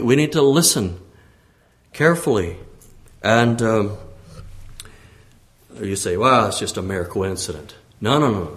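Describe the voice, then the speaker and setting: A man preaching a sermon as pastor, often repeating his phrases and clearing his throat, his pitch climbing when he exhorts. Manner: frequent throat clearing and restarts.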